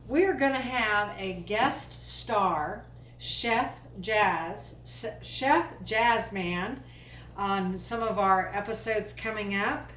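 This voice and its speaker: Slow-talking chatty woman cooking at home. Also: medium pitch, a bit bright, a little hiss or hum. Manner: chatty, enthusiastic, folksy asides. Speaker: cooking show host. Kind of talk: casual cooking demonstration. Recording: echoey room, mic at a distance.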